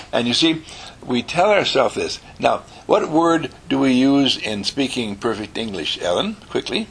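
A man teaching a small group in an informal lesson. He talks in an animated way, repeats phrases for effect and chuckles as he goes. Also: mid-range voice, a little slow, slight background noise. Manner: animated, repetitive, chuckling asides.

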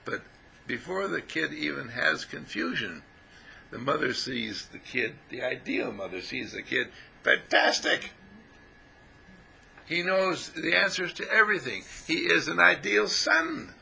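A man with a strongly gravelly voice gives a spiritual talk to a small group. His tone is forceful and swings widely in pitch as he acts out little scenes. He laughs often along the way. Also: slight background noise, poor audio. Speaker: spiritual teacher.

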